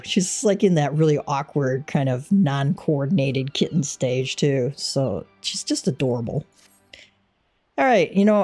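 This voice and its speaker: Low-voiced, relaxed woman streamer. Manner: relaxed, chatty, laughs easily. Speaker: game streamer. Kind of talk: casual gameplay chat.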